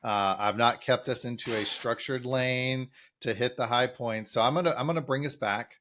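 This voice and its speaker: A man's voice: mid-range voice, moderate pace, a bit bright. A man co-hosting a podcast, reading a scripted intro, then chatting in an upbeat, self-deprecating way with his guest. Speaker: podcast co-host.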